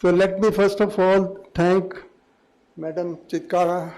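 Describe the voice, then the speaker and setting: A man in his eighties with a hoarse voice, giving a rambling, anecdotal chief guest speech. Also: high voice, little pitch movement, measured pace, darkish tone, poor audio. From India. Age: 80s. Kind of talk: reminiscing speech.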